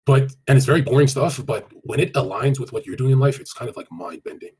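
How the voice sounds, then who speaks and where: A man's voice: medium pitch, darkish tone, breathy edge. A man giving casual dating advice on a live stream, blunt and crude, swearing often and rattling on with many fillers as he answers chat. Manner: rapid, run-on delivery with many fillers.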